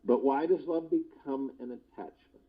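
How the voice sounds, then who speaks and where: A man giving a spiritual discourse, slow and deliberate, often repeating his key phrases. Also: medium pitch, narrow, tinny audio. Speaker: spiritual teacher.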